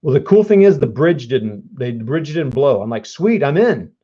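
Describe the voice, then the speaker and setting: Animated and moderately paced, a man with a medium-pitched voice comes through a muffled recording. He's live-streaming a board wargame with casual commentary, joking, mocking himself, and talking to chat.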